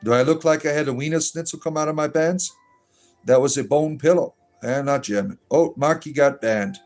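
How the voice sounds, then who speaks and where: A man's voice: fairly high pitch, a little fast, a little mellow, faint music behind. A man hosting a casual livestream and answering viewer chat with irreverent, sardonic banter, speaking in a put-on lilting accent that sounds a bit Irish.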